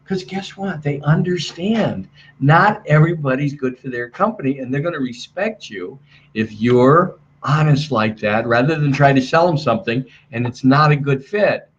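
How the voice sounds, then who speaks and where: A man's voice: mid-range voice, moderate pace, lo-fi sound. A middle-aged man giving a sales training webinar from a hotel room, talking energetically and acting out customer dialogue. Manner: energetic, acts out quoted dialogue.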